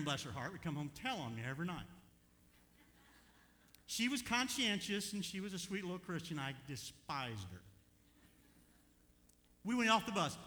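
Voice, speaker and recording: An older man preaches in a church sanctuary, his voice bright and forceful. He tells a personal story, moving between hushed asides and loud, emphatic peaks. The sound carries a long echo with a faint hum underneath. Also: medium pitch. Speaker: pastor. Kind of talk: sermon. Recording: echoey hall with faint hum.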